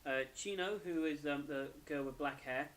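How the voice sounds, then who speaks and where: A man's voice: fairly high pitch, normal speed, a bit bright, a little hiss or hum. A young man, tired and yawning, casually reviewing an anime episode in a rambling, self-correcting way.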